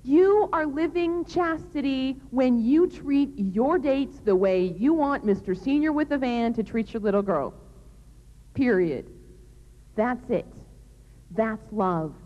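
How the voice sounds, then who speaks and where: A woman whose voice sits high, with lively intonation and a measured pace, speaks on chastity to young people in a large hall. Her religious talk is earnest, emphatic and plain, captured in a dull lo-fi recording full of hall reverb.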